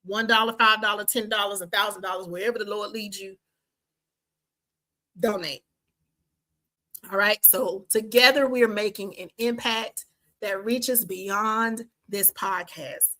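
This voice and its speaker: A woman's voice: medium pitch, fairly even intonation, unhurried, long pauses, bright, forceful tone. A woman in her fifties from the American East Coast, hosting a podcast, chatting animatedly, repeating phrases for emphasis and closing with a fervent prayer. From Washington, D.C. and the Carolinas, USA. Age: 50s. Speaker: podcast host. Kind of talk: casual podcast outro and prayer.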